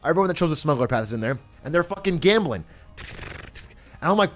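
A man streamer telling a story in casual chat, animated, laughing often and swearing freely. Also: fairly high pitch, brisk, soft background music.

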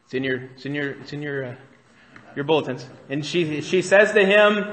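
A pastor preaching to his congregation in a bright, ringing voice that sits a little high for a man. He keeps it conversational and keeps throwing questions out to the pews. The sound carries the long reverb of a church sanctuary. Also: animated, normal speed. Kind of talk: sermon.

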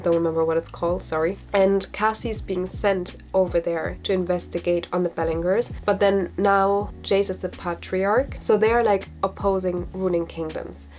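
A woman's voice: lowish voice, steady tone, normal speed, few pauses, darkish tone, soft background music. A woman chatting enthusiastically as she reviews the books she has read. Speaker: book vlogger. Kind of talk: casual book review.

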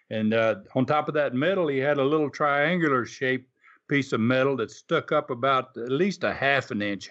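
A man's voice: medium pitch, fairly bright tone. An older man, a former wrestler, telling folksy stories in a casual interview, full of fillers and restarts. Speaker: wrestling guest. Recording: slightly dull lo-fi audio.

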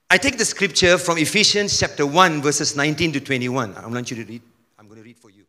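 A man preaching a sermon with energy, now and then rising to a shout. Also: on the high side, fairly quick, long reverb tail. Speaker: pastor.

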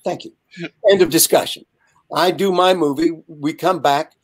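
A man in his seventies, a guest telling a lively, animated anecdote over a video call. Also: fairly high pitch, normal speed. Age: 70s. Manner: lively, animated storyteller with frequent asides. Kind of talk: casual anecdote storytelling.

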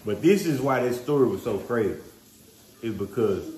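A man's voice: mid-range voice, normal speed. Man telling a slangy story in a roomy room. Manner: animated, conversational, slangy. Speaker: vlog host. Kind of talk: casual storytelling to viewers.

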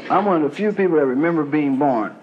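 A man's voice: a little high, fast talker, lo-fi sound. A man doing a loose, profane stand-up routine in a conversational way. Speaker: stand-up comedian. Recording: loud noisy live stage recording.

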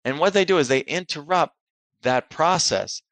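A man with a gravelly, mid-range voice talks as a therapist guest on a podcast. He tells stories with energy and slips into the voices of the people in them. The sound is close and dry, with no room echo. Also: on the high side, normal speed. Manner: animated storyteller, acts out quoted people. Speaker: psychotherapist and author, guest. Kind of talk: casual interview talk, storytelling.

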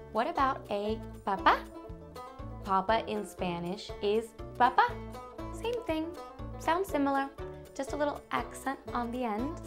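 A woman teaching toddlers simple words, slow and sing-song, with playful sounds. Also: sits high. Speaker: children's Spanish teacher.

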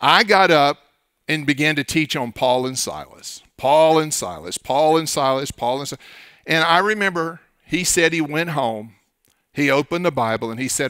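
A middle-aged man with an Oklahoma accent, a pastor preaching a sermon and swinging between quiet stretches and loud, emphatic rises. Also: on the high side, lively intonation, normal speed, smooth, no echo, clean studio sound.

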